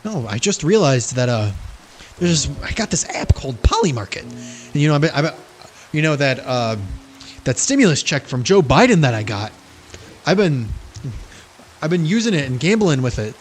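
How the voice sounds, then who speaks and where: A man's voice: fairly high pitch, big pitch swings, moderate pace, pauses often, soft background music. A man voicing a defensive adult male cartoon dog who stammers and makes excuses.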